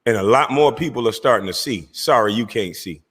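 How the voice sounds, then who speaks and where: A man's voice: mid-range voice, lively intonation, fairly quick, fairly bright tone, slightly rough, long reverb tail. A man hosting his own online show, ranting at a rival in a confrontational, taunting way. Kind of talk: heated livestream rant.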